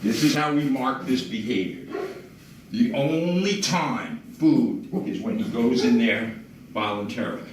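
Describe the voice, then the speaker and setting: A calm man teaching dog training, his voice lively and rising and falling as he explains and gives short commands. He sounds set back from the mic in an echoey room, with steady background noise. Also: medium pitch, a little slow, recorded from a distance. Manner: calm, explains while giving commands to dogs. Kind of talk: instructional demonstration. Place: indoors at a house.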